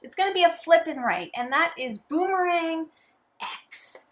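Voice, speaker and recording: A woman's voice: very high-pitched, expressive, unhurried, noisy background. A woman co-hosting a casual board game chat, playful and teasing as she talks. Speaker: board game channel co-host.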